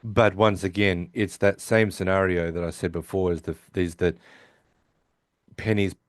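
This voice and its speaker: A man with a fairly low voice chats on a podcast, rambling and hesitant as he recaps a story. The sound is dry and close, with no echo. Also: flat delivery, moderate pace. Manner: rambling, hesitant, with many fillers and restarts. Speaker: podcast co-host. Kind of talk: casual chat recapping a sitcom episode.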